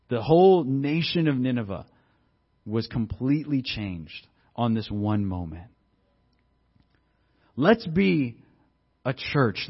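A man's voice: medium pitch, husky, muffled recording. A man preaching a sermon, telling a story in a conversational way and building to emphatic exhortation. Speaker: pastor.

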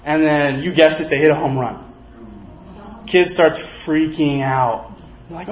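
A high-voiced man delivers a sermon, weaving in a long story and playing each character's lines. The room is echoey, the recording a little dull, and a faint hum sits behind him. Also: fairly even intonation, measured pace, pauses often. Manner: storytelling, acts out quoted characters. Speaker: preacher. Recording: echoey, slightly dull sound.

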